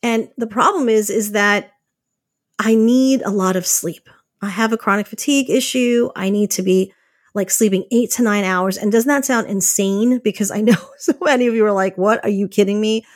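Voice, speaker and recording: A woman hosting a podcast, chatting casually about rest and faith, lively and laughing often as she acts out little quotes. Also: medium pitch, moderate pace, dry recording, clean studio sound. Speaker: podcast host. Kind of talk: casual faith-based self-care talk.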